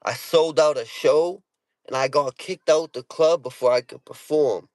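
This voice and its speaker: A man's voice: on the high side, measured pace, darkish tone, no room sound. A man with a Boston accent, a rapper casually telling stories to his viewers and answering comments in blunt street slang with heavy swearing.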